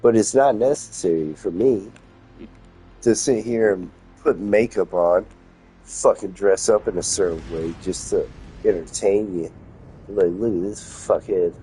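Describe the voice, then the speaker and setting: A man's voice: fairly low pitch, a little slow, mellow, soft background music. A man streaming a game, rambling casually with heavy profanity and meandering, laid-back musings.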